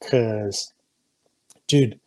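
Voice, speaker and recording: A man's voice: lowish voice, drawn-out words, no echo. A young man co-hosting a casual podcast, telling stories in a heated, profanity-heavy way. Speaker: podcast co-host. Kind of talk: casual chat.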